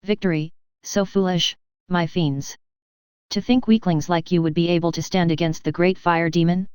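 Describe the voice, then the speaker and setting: A woman's voice: on the low side, steady tone, normal speed, darkish tone, clean tone, no echo, close to an everyday voice. Woman as a grandiose self-styled fire demon. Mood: gloating. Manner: grandiose, archaic, self-important. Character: theatrical young woman posing as a fire demon. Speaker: audiobook reader. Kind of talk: reading character voice lines.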